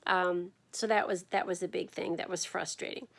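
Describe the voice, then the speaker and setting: A woman sharing her experience in a casual video diary, talking to the camera at home in a tired, unhurried way with frequent ums and yawns. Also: on the low side, fairly even intonation, gravelly, a bit bright. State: fatigued from chemotherapy. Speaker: vlogger sharing her chemotherapy journey.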